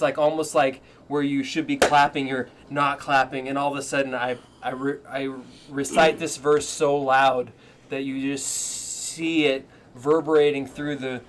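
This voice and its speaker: A man playing a tabletop game, his voice sitting at an ordinary pitch for a man. He talks in a rambling, animated way about his character's magic, trailing off into asides, with faint noise under him. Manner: rambling and animated, laughs a lot. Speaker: player. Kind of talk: casual play with in-character narration.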